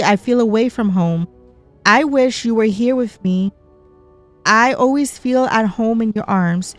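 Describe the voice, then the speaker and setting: A woman streaming a mystery game, reading its letters aloud between chatty reactions. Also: fairly high pitch. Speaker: gameplay streamer.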